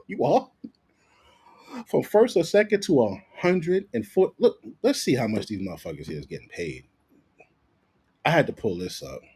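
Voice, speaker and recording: Animated husky man ranting. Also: high voice. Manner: animated, profane, repeats himself. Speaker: sports commentator vlogger. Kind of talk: casual ranting commentary.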